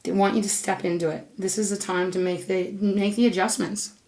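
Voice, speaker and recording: A woman's voice: mid-range voice, steady tone, a little fast, darkish tone. A woman giving a tarot reading to her viewers, emotional and affectionate, gushing and repeating her words. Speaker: tarot reader.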